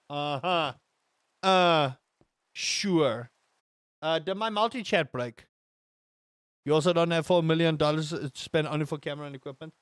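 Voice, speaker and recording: A man's voice: on the high side, measured pace, long pauses, a bit bright, clean tone, no room sound, studio quality. A man live-streaming a game, talking casually to his chat and ranting with emphatic repetition. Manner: talks to his chat between tangents.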